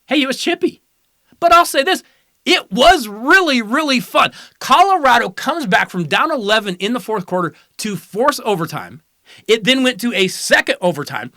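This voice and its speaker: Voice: medium pitch, sing-song, normal speed, bright, forceful tone, no room sound, clean studio sound. A host giving opinionated college football commentary in a sarcastic, teasing, lecturing way.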